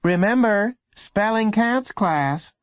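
Man doing a calm, kindly lady teacher, raised pitch, gentle firmness. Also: takes it slowly, dry recording. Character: kindly female schoolteacher, patient and firm.

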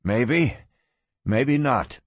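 A jittery young gunslinger, played by a man narrating a western, hesitant and uneasy in every line. The voice is husky and dry. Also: mid-range voice, animated, extremely slow, no echo, exaggerated voice. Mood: nervous. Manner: nervous and hesitant. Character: nervous, rattled young gunman.

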